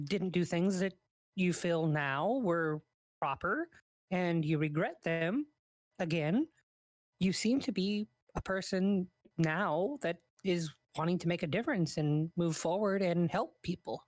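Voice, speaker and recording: A woman's voice: on the low side, slow, a little mellow, no echo. A woman chatting in character during a live role-play, reassuring another character and narrating her own actions as she goes.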